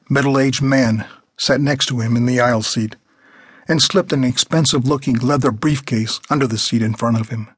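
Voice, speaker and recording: A man reads his own novel aloud in a measured, plain way, his voice husky and breathy at the edges. The sound is dry and close, with no room around it. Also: mid-range voice, a bit bright, no echo. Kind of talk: scripted audiobook narration.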